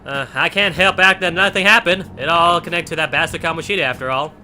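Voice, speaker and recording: A man's voice: on the high side, fast talker, sharp tone, faint music behind, pitched above the performer's own voice. A man voicing a brash young male delinquent student with a Southern accent. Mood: determined. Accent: American Southern. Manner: brash, pushy.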